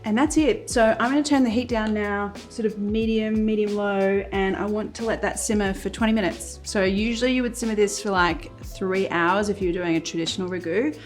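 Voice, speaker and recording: A woman's voice: mid-range voice, fairly quick, few pauses. A woman hosting a casual cooking demonstration, chatting through each step as she cooks in a kitchen. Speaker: cooking show host. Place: home-style kitchen, cooking at the stove. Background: sizzling pan and soft music.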